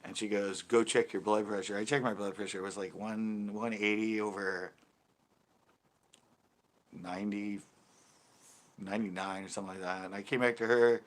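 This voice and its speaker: A man's voice: on the low side, fairly even intonation, normal speed, pauses often. A man hosting a casual video chat, telling a rambling story with many restarts and self-corrections. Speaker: channel host talking to live chat. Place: home porch.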